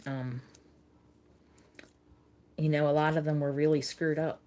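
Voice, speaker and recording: Middle-aged woman, livestream host; low-ish voice, very slow, halting and heartfelt. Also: level tone, dark tone. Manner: halting, repeats words, emotional. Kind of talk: casual chat with live viewers.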